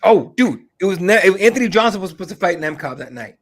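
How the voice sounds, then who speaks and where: A man with a somewhat high voice chats casually on a podcast. He rambles, restarts and drops fillers and the odd swear word as he tells stories about covering fights. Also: big pitch swings, quick pace. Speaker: MMA reporter, guest.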